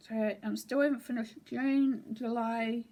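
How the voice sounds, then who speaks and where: A woman sits at home chatting through her needlework projects. Her voice sits a little high, and her talk wanders easily, full of small hesitations. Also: unhurried. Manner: relaxed, meandering, with frequent ums. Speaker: cross-stitch vlogger. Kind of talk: casual show-and-tell chat.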